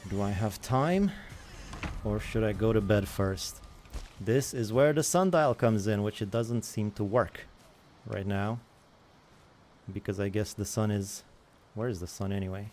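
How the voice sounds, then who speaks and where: A man's voice: lowish voice, measured pace, a little mellow. A man giving rambling, self-mocking commentary while he plays a survival game and answers chat. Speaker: gaming streamer. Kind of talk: casual let's-play commentary.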